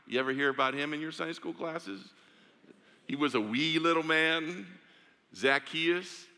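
A man's voice: on the high side, unhurried, pushed and bright, long reverb tail. A man preaching a sermon, telling a story with drama and acting out the voices of its characters. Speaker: pastor.

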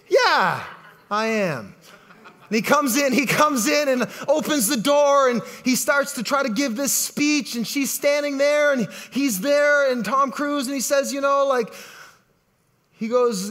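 High-voiced animated male preacher. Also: unhurried. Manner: animated, conversational, repeats words while building to points. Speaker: pastor. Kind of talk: sermon.

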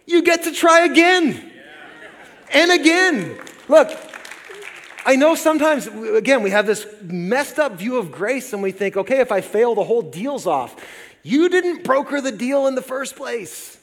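Male pastor, 40s, high voice, lively conversational sermon with humor, hall reverb. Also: a little slow, a faint crowd. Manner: lively, conversational preaching with jokey asides. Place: church sanctuary. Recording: long reverb of a large hall.

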